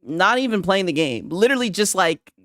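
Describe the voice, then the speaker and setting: Lively, profane young man ranting. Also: sits high, fairly quick, no echo, clean studio sound. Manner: profane, rambling, tags "right?" constantly. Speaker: streamer. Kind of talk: casual ranting commentary.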